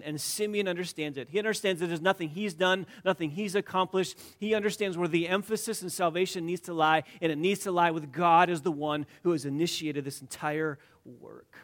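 A male pastor preaching a sermon, dropping to near whispers and then building to loud, emphatic declarations, repeating phrases for emphasis. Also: fairly high pitch.

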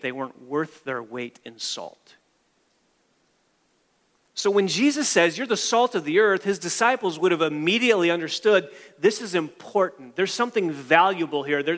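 A man's voice: fairly high pitch, a bit bright, in a large hall. A male pastor delivering an emphatic sermon, repeating phrases and restarting as he builds each point.

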